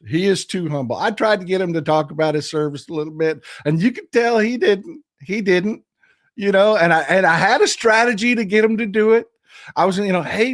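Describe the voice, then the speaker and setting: A man hosting a live political stream, hoarse and strained from yelling, talking with impassioned repetition straight to his viewers. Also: high voice. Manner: impassioned, repetitive, addresses the chat directly. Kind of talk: casual political talk.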